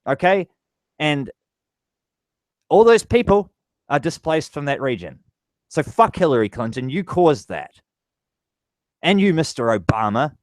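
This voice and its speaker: A man's voice: on the high side, very animated, unhurried, long pauses, dry recording, rough recording. A man vlogging a heated, profane political rant straight to his viewers. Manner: angry, profane ranting.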